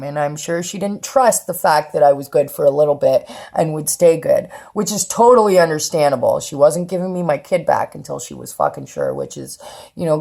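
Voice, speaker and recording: Gravelly-voiced woman, blunt and profane. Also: low voice, darkish tone. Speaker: vlogger telling her life story. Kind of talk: candid personal storytelling.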